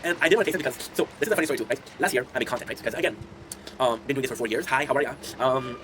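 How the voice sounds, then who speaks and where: Over music on a rough recording, a twenty-something content creator streams to chat, his mid-range voice racing. He chats casually with viewers, laughing often as he tells rambling stories.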